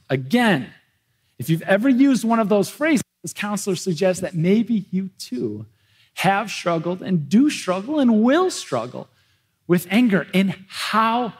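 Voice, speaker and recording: A man's voice: high voice, sing-song, measured pace, husky. A man preaching a sermon to his church in a conversational way, often restarting and repeating words as he goes. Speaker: pastor. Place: church, livestreamed worship.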